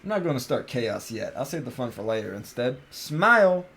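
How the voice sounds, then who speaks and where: A man's voice: medium pitch, animated, fast, gravelly, a little mellow, slight background noise. A young man streaming a game, chatting casually, joking around and swearing freely. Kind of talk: casual gaming stream chat.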